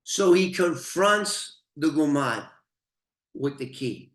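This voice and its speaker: A man's voice: fairly high pitch, animated, takes it slowly, a bit bright. An older man telling a rambling, profane story with frequent laughs. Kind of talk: casual storytelling. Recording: roomy echo.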